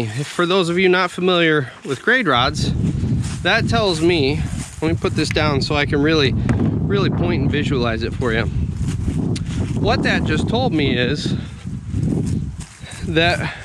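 A man's voice: on the high side, lively intonation, a little slow, pauses often, very noisy. A man who runs heavy equipment, talking casually as he walks a building site, grumbling and explaining his work step by step. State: chewing a little. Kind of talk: casual walk-and-talk vlog.

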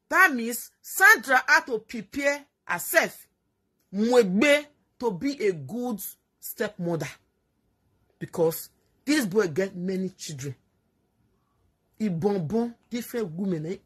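A woman's voice: on the high side, sharp tone, slightly rough. A woman speaking Nigerian Pidgin English, ranting on a casual live stream, emphatic and scolding, repeating herself and laughing as she goes. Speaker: social media commentator.

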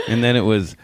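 Deep-voiced easygoing man chatting. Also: no echo. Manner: easygoing, goofy asides. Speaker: podcast co-host. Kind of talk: casual chat.

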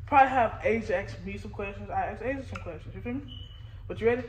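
A man's voice: sits high, fast talker. A young man talking casually in slang to his camera for a prank vlog, joking and eating. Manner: slangy, playful, talks through bites of food. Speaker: vlogger. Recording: echoey room, noisy phone recording.

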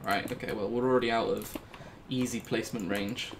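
A gaming YouTuber talks himself through a video game with casual, jokey commentary, letting out high squeals whenever something startles him. His tone stays steady and his pace fairly quick, with slight background noise in the recording.

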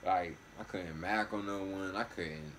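A young man hosting a reaction video, telling a long story in loose, slangy, animated casual chat. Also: deep voice, unhurried, slight background noise.

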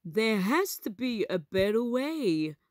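A woman's voice: a little high, very animated, slow pace, darkish tone, no echo, clean studio sound, voice pushed up. A woman voicing a curious, bookish young male explorer in a children's storybook reading, eager and matter-of-fact.

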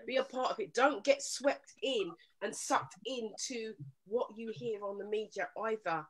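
A woman with a slightly high voice hosts a live relationship talk show over a video call. She chats with an easy, laughing manner and turns earnest when she presses her listeners to stay alert. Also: a little slow, poor audio. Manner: chatty, laughs often, turns earnest and urging.

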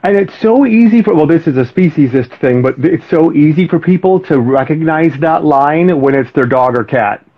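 A man's voice: a little high, lively intonation, normal speed, few pauses. A man hosting a live stream chat, blunt and casual, swearing freely. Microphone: video call. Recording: dull lo-fi live stream audio.

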